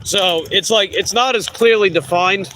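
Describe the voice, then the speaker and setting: A man's voice: high-pitched, moderate pace, pushed and bright, a little hiss or hum, low-quality recording. A middle-aged man with a Long Island New York accent chatting casually with viewers while out on delivery, rambling and correcting himself. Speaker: delivery rider vlogger. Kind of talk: casual chat answering live viewers.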